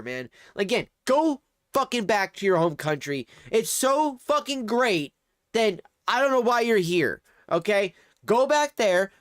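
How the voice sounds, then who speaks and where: A man's voice: very high voice, a bit bright, no room sound, clean studio sound. A man on his livestream, ranting angrily and sarcastically, swearing heavily. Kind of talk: angry livestream commentary. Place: home streaming setup.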